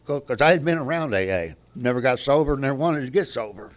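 A man's voice: mid-range voice, lively intonation, fairly quick, few pauses. An older man telling his personal recovery story at a meeting, candid and rambling, often restarting his sentences.

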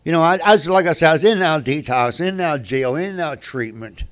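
A man's voice: fairly high pitch, expressive, quick pace, smooth. An older man telling his personal recovery story at a meeting, candid and rambling, often restarting his sentences.

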